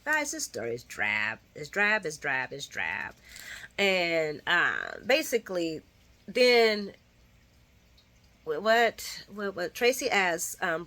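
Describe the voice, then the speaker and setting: A woman giving a casual, opinionated recap of a soap opera, chatting in slang and acting out the characters' lines with big jumps in pitch. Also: fairly bright tone.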